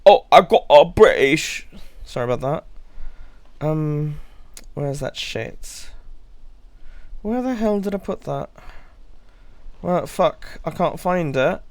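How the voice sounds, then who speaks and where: A male streamer chats with viewers at an unhurried pace. His pitch swings up and down a lot as he rambles playfully and swears casually. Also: expressive, darkish tone. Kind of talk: casual live-stream chat while gaming.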